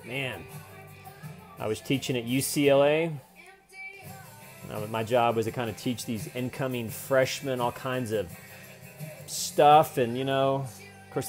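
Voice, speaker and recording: A man in his forties giving a loose, joking video lesson on day trading, with profane asides. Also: mid-range voice. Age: 40s.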